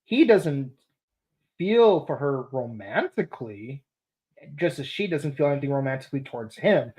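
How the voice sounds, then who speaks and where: A woman's voice: extremely low pitch, moderate pace. A young woman hosting a podcast, reviewing an episode casually, laughing often and acting out lines from the show. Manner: animated, laughs often, acts out quoted lines. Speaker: podcast host.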